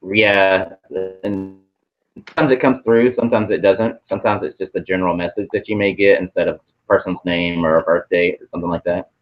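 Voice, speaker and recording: Low-voiced man channeling, hesitant. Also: steady tone, brisk, dull audio, soft background music. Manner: hesitant, many ums, swears casually. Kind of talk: casual spiritual channeling.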